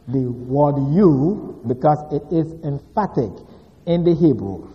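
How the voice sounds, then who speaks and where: A male pastor giving a sermon recap, deliberate with frequent fillers, rising in emphasis on key words. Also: fairly high pitch. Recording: dull reverberant hall.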